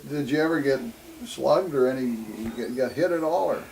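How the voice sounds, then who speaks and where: A man's voice: mid-range voice, normal speed, vocal fry, a little mellow, rough recording. A man interviewing, asking brief, hesitant questions. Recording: faint from off-mic with light noise.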